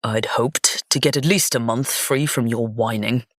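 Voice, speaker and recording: A woman's voice: rumbling low, measured pace, no room sound, clean studio sound. A woman voicing a haughty, scornful young nobleman in an audiobook, with a sneering, insulting manner. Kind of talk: audiobook character reading.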